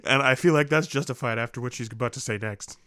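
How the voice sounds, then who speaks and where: A man's voice: medium pitch, fast talker, bright, forceful tone, clean tone, dry recording, clean studio sound. A young man commenting casually on clips, rambling and profane, laughing often and slipping into mocking voices. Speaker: commentary vlogger reacting to clips.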